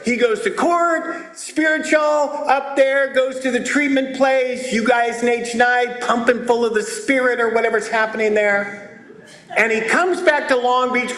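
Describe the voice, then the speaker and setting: A man giving a comedic recovery talk at a twelve-step meeting, telling stories loudly and acting out the people in them. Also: high voice. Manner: loud, animated storytelling with voiced characters. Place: meeting hall. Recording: roomy hall with audience laughter.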